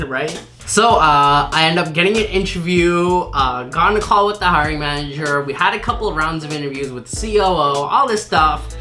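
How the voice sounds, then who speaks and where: A man's voice: a little high, moderate pace, few pauses, bright, forceful tone, soft background music. A young man chatting casually in a vlog about his career, upbeat and a bit boastful, laughing often. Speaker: marketing vlogger.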